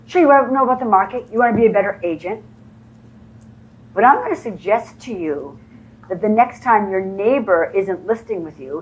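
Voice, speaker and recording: In a live conference-room session, a woman trains real estate agents with motivational storytelling, acting out the quoted lines. Her voice is on the high side, and the recording quality is low.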